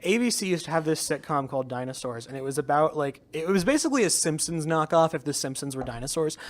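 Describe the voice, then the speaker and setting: A man's voice: a little high, animated, fast talker. A young man hosting a podcast in casual chat, rambling with lots of fillers and frequent laughter. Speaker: podcast host.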